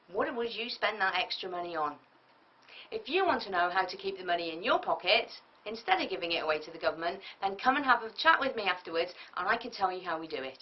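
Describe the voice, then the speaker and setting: Woman teaching, lively and distant. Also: mid-range voice, quick pace. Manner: lively, acts out example speakers. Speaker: business tutor. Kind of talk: tutorial lecture. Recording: muffled lo-fi audio from a distance.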